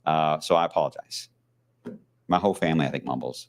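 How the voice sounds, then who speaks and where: Deep-voiced mumbling country-accented man. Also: animated, fast, a little mellow. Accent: Southern US country. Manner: mumbling, rambling with many fillers. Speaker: TV meteorologist. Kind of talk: casual weather livestream chat.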